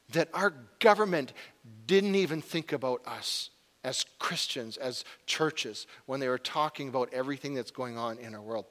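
A man's voice: on the high side, a bit bright. A man in his forties preaching a sermon as a pastor, earnest and confessional, building to urgency. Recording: long hall reverb.

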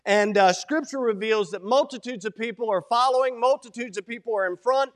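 A man preaching a sermon as pastor. He moves from a quiet prayer into animated teaching that rises to loud quoted cries. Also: very high-pitched, brisk. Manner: opens with a prayer, then preaches in an animated way, rising to shouted quotes.

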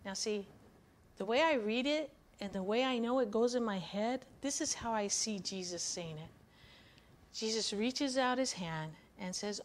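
A woman's voice: fairly high pitch, animated, measured pace. A woman giving a weekly devotional sermon, teaching from the Bible in an earnest, emphatic way. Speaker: devotional speaker.

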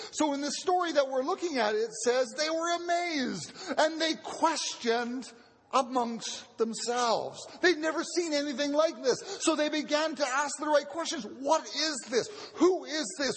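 A man's voice: extremely high pitch, slight background noise. A male pastor preaching a sermon in an earnest teaching manner, often repeating words as he restarts. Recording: long reverb of a large hall.

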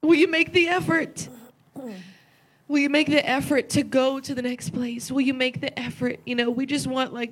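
A woman preaching a sermon with passion, repeating phrases and asking rhetorical questions, at times tearful. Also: a little high.

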